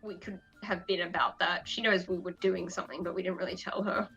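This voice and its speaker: Bright, teasing woman player. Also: lowish voice, steady tone, fairly quick, gravelly, muffled recording, soft background music. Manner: laughing, teasing. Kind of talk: casual play banter.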